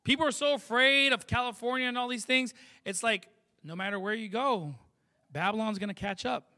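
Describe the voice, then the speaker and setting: Male pastor, very high voice, punchy emphatic sermon delivery, keeps asking the crowd questions. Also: a little fast, sharp tone. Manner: emphatic preaching with rhetorical questions.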